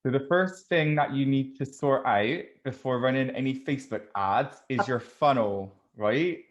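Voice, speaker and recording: A man's voice: mid-range voice, normal speed, muffled recording, voice pushed up, close to an everyday voice. A man putting on an exaggerated thick Bristol accent while presenting a podcast segment. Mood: mock-earnest. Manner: exaggerated broad local voice, breaks off laughing.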